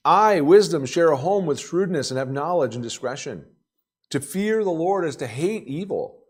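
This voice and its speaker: A man's voice: fairly high pitch, animated, moderate pace, breathy edge, voice pushed up. A man reading Wisdom, a personified woman calling out to all. Raised, emphatic, proclaiming.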